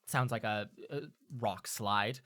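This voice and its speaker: Bright-voiced male game master. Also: on the low side, a little slow. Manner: relaxed, loose, with many fillers. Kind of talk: narrating a tabletop game.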